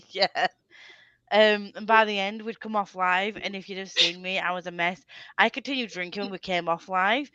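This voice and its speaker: A woman's voice: medium pitch, steady tone, moderate pace, pushed and bright, dry recording, muffled recording. A woman hosting a casual live stream, rambling through stories and laughing often, on a webcam mic. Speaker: livestream host. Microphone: computer webcam mic.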